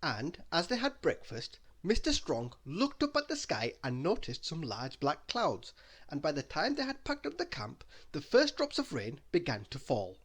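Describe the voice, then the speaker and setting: A man reading a children's bedtime story aloud in an expressive storytelling manner. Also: on the high side, moderate pace. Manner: expressive, sing-song storytelling.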